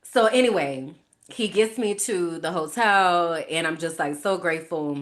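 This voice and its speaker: An American woman hosting a podcast, telling a personal story in a lively way, laughing often and acting out her own reactions. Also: on the low side, unhurried. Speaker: podcast host.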